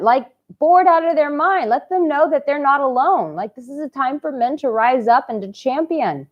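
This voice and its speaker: A woman dating coach giving a heartfelt motivational vlog talk, swinging from hushed tenderness to loud, exuberant outbursts and swearing casually. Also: on the high side, expressive, normal speed, highs cut off.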